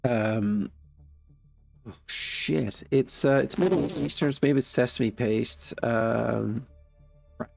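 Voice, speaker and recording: A man's voice: mid-range voice, slow pace, creaky, long pauses, soft background music. A congested man streaming a game, chatting casually in a wry, rambling way with many fillers. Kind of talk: casual gameplay commentary.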